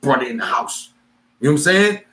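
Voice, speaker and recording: Animated man telling a story, echoey room. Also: medium pitch, quick pace. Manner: animated, acts out both sides with quoted voices. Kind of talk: casual storytelling.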